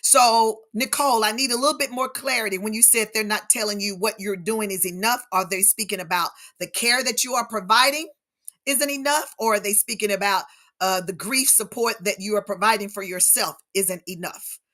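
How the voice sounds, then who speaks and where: A middle-aged woman, hosting a casual live stream on grief and talking warmly and animatedly to her viewers as "y'all". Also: mid-range voice, moderate pace.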